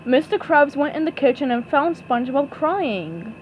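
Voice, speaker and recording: A woman reading a children's storybook aloud, her voice high and lively. Her pitch rises and falls expressively, with a faint hiss underneath. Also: normal speed, rough recording. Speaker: storybook reader. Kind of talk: storybook read-aloud narration.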